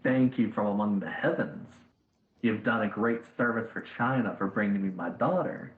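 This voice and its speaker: Man doing a cold, dismissive god-king for a tabletop game; lowish voice, tinny and echoey chat-line sound. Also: moderate pace, natural voice. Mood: gracious. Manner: haughty, dismissive of mortals. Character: imperious detached male god-emperor.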